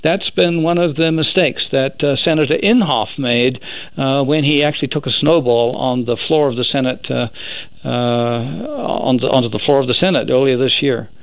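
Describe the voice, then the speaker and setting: A man appearing as a scientist guest on a radio show, explaining in a measured way with hesitant fillers. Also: medium pitch, gravelly, no echo. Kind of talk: explanatory interview answer. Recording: tinny phone line.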